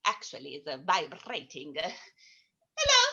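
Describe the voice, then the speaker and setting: A woman's voice: sits low, wildly swooping pitch, takes it slowly, creaky, bright, forceful tone, dull audio, exaggerated voice. A woman playing a boastful, scatterbrained Italian woman doctor with an Italian accent in an online character comedy, talking in a pompous, rambling way. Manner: pompous, rambling, self-assured.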